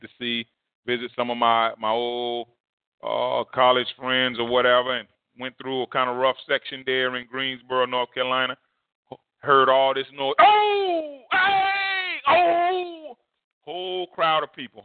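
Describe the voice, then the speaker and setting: A male pastor preaching a storytelling sermon, leaping high in pitch to act out a shouting crowd. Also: clear, resonant tone, no room sound. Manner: animated, swings high to mimic a shouting crowd. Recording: dry, phone-like narrow sound.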